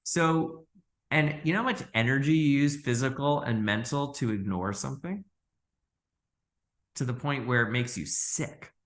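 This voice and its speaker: A man guest on a podcast interview, telling lively stories and acting out quoted dialogue with frequent laughs. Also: mid-range voice, moderate pace. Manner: animated storyteller, acts out quoted dialogue, laughs often. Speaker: orthodontist guest.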